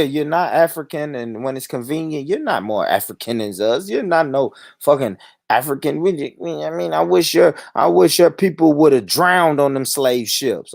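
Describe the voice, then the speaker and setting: A man's voice: a little high, vocal fry, darkish tone, dry recording, clean studio sound. Heated, profane man ranting on a livestream. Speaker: livestream host.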